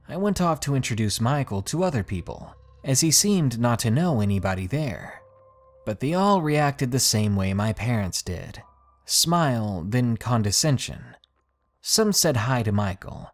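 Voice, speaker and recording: A man reading out a creepy first-person story as a scripted narration, with an expressive storytelling delivery. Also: mid-range voice.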